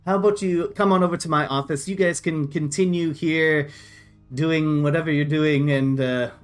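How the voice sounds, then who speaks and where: A man voicing a suave, fussy half-elf gentleman in his late fifties who talks in a courtly, condescending way in a tabletop game. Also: fairly high pitch, fairly even intonation, moderate pace, clear, resonant tone, voice pushed up, lightly acted. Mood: smooth.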